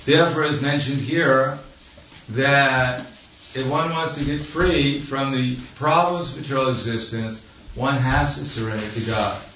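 A man's voice: mid-range voice, a little slow, a bit bright. A man delivers a sermon through stories, dry and wry, now and then chuckling at his own jokes. His voice sits in an ordinary middle register. He is heard from a distance in a strongly echoing hall, the sound dull and faintly noisy. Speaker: preacher. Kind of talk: storytelling sermon.

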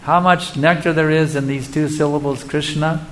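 A man gives a devotional lecture and answers audience questions in an emphatic, rhetorical way, often turning to his listeners with questions. His voice sits slightly high for a man. A faint hum of room ambience runs underneath. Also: fairly even intonation, normal speed, rough recording.

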